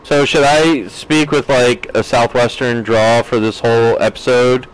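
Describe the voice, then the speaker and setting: Smooth and steady, a medium-pitched voice moves at a measured pace as this gaming streamer plays a farming game. He chats casually with viewers, reading out their comments, answering them, and laughing a lot. The recording is rough.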